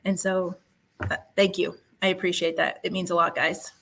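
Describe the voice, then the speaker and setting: A woman's voice: fairly low pitch, flat delivery, normal speed, creaky, fairly bright tone, a little hiss or hum, poor audio. A woman guest who teaches science, chatting in an interview with an upbeat, storytelling manner and frequent laughs. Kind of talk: casual interview chat.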